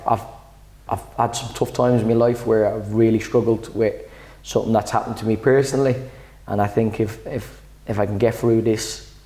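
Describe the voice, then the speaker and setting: A man's voice: lowish voice, dark tone, poor audio. A man, the club's head coach, answering interview questions in a chatty way, often repeating words as he starts a thought. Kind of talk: sit-down interview.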